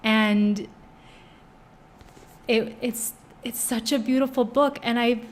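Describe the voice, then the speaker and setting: A young woman talks casually about the books she has read, chatty and gushing, full of filler words. Her voice sits a little high for a woman. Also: steady tone, slow, a little hiss or hum. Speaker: book vlogger. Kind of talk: casual chat book review.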